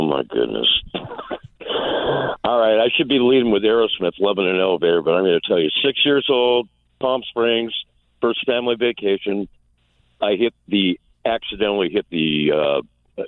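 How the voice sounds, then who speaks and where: A man's voice: lowish voice, dry recording. A man calling in to a radio show, telling a rambling, chatty story. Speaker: caller. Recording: phone line.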